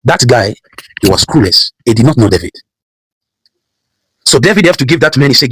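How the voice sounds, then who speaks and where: A man's voice: mid-range voice, very animated, fairly quick, fairly bright tone, slightly rough, no echo, rough recording. A man preaching a sermon, repeating phrases and building emphasis as he calls out Bible verses. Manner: preaching with repetition and rising emphasis. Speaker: pastor.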